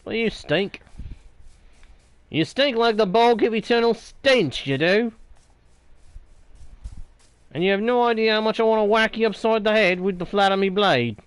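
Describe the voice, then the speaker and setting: Man doing a gruff swordsman voice, rough put-on accent, mock threats, quick and raised. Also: high-pitched, no echo, pitched above the performer's own voice, natural voice. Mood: grumbling.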